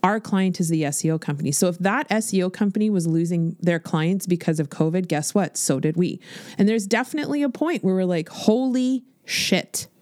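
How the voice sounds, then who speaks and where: A woman in her forties hosting a podcast as a business coach, talking in a blunt, animated, swear-filled motivational style. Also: lowish voice, a little fast, no echo. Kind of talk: casual motivational podcast monologue.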